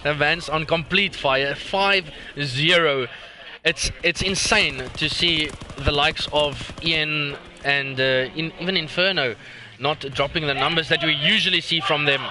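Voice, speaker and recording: An excitable man co-casts a live esports match, reacting loudly to big plays. His voice is sharp and very bright, pitched a little high, with a faint hiss of noise underneath. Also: measured pace. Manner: excitable, hype-driven. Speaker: esports co-caster.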